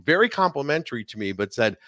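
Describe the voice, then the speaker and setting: A man's voice: medium pitch, fast, no echo. Chicago-accented middle-aged man, dry close sound. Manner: chatty, animated storytelling with many asides. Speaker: guest film critic. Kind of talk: casual podcast conversation.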